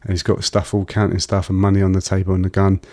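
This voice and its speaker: A deep-voiced man speaks in a low, even tone that barely rises or falls. His story comes out halting, full of fillers and restarts. The sound is close and dry. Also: dry recording. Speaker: guest. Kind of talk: personal storytelling in an interview.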